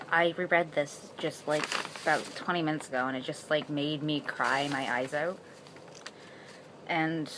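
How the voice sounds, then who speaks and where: A woman's voice: sits low, background noise. A young woman in a personal vlog, rambling and saying "like" often as she talks through her memories. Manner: rambling, heavy use of "like". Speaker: vlogger.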